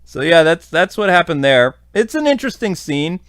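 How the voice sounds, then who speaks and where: Podcast host, man, somewhat high voice, rambling casual recap, very dry sound. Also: big pitch swings, moderate pace, a bit bright, no echo. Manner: rambling, filler-heavy.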